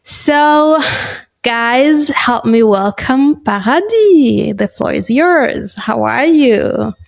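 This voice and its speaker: A woman hosts a casual podcast and introduces her guest at an unhurried, very slow pace. Her voice is on the high side, and she fills her pauses with ums and uhs. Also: animated, vocal fry. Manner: slow, warm introductions with fillers. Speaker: podcast host.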